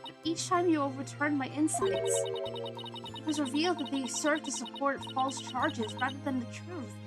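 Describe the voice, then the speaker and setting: A woman's voice: high voice, moderate pace, over loud music, voice pushed up, close to an everyday voice. A woman voicing a proud, stern young princess priestess, imperious and scornful. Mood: troubled. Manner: imperious, scornful then wavering.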